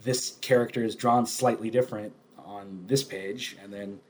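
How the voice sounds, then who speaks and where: Podcast co-host, male, animated, laughs a lot between points. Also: lowish voice, moderate pace. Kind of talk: casual chat.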